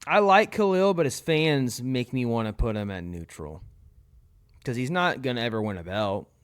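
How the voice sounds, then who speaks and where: A man's voice: mid-range voice, animated, normal speed, clean tone. A young man giving blunt, opinionated verdicts in a casual commentary on his own channel. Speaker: tier list video host.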